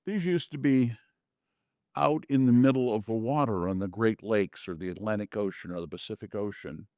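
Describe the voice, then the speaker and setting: A man's voice: fairly low pitch, moderate pace, darkish tone, no echo. Folksy man giving a casual photo talk. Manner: chatty, folksy asides and jokes. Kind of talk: casual presentation to a small audience. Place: community meeting room.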